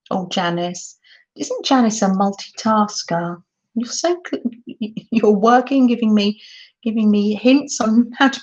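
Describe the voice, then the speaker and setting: An older woman, gushing in a casual livestream chat while she shows crafts to viewers. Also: a little high. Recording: dull lo-fi sound.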